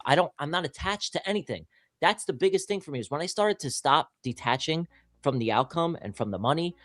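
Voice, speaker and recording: A man's voice: medium pitch, no echo. A young man from the New York area, a guest trader in casual livestream chat, talking bluntly and emphatically and swearing freely.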